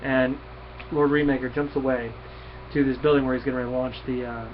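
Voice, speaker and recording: A man's voice: medium pitch, level tone, normal speed. A man casually reviewing a comic book, retelling the plot in a rambling way with fillers and restarts, on a dull lo-fi recording. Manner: rambling, many fillers and restarts, reads dialogue aloud. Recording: dull lo-fi recording with faint hiss.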